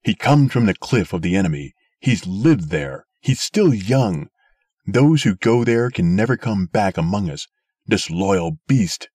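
A man voicing a cruel, bitter old man who snarls and shouts his words in a storybook reading. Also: fairly low pitch, lively intonation, a little slow, slightly rough, no echo, studio quality, voice pushed up. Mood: furious.

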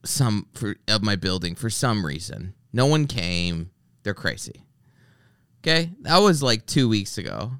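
A man's voice: on the low side, very animated, a little slow, fairly bright tone, clear, resonant tone, no room sound, studio quality. A man hosting a podcast, chatting casually and telling stories, acting out the people he quotes and swearing freely. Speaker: podcast host. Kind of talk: casual chat.

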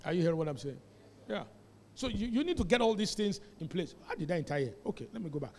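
Male pastor, high register, animated sermon with call-and-repeat, long hall reverb. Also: quick pace. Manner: animated preaching, calls the congregation to repeat after him. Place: church sanctuary.

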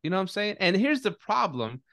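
A man's voice: high voice, sing-song, fairly quick, fairly bright tone, dry recording, studio quality. A man hosting a podcast in casual chat, talking bluntly with lots of profanity and restarts. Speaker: podcast host.

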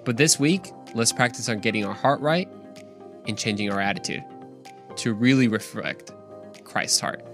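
A young adult man hosting his own podcast, giving a casual devotional talk in an animated, slangy, conversational way. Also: mid-range voice, moderate pace, long pauses, soft background music. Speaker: podcast host.

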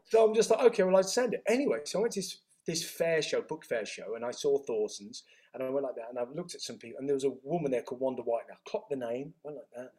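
A middle-aged man tells his life story in an interview, acting out the dialogue with quick reported speech. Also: mid-range voice, dark tone. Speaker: interview guest. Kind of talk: storytelling in conversation.

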